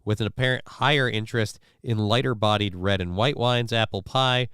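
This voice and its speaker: A man's voice: lowish voice, normal speed, a bit bright, clear, resonant tone, dry recording, studio quality. A man hosting a casual live stream, reading viewer comments and news stories aloud with sarcastic, offhand remarks. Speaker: livestream show host.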